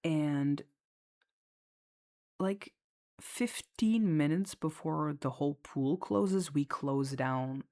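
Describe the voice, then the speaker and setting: Woman with a low voice, casual storyteller, chatty, blunt and sweary, lots of filler words. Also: drawn-out words, pauses often, mellow. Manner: chatty and candid, swears freely, heavy on fillers. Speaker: lifeguard.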